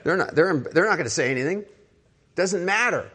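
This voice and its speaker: An older pastor preaches a conversational sermon packed with rhetorical questions, his voice sitting high with lively intonation and a brisk pace. When he retells personal moments, he drops into a soft, hushed tone.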